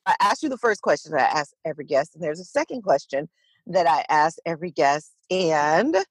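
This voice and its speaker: A woman hosting a podcast interview in casual chat, enthusiastic and quick to agree. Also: sits low, animated, husky, no room sound. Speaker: podcast host.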